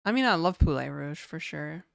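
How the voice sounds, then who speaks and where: A woman's voice: deep voice, animated, normal speed, gravelly, dry recording, clean studio sound. A woman streaming live, chatting casually and rambling while reading out chat messages.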